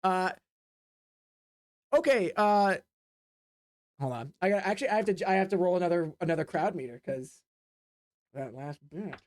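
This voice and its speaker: A man streaming as game master for a tabletop game, narrating in a rambling, filler-heavy way and dropping into quick voiced asides. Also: high-pitched, lively intonation, a little mellow, no room sound.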